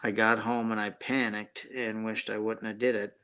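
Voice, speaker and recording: Man, low even voice, smooth, casual live-stream chat, rambling. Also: normal speed. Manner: rambling storyteller, reads chat names. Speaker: watch stream host.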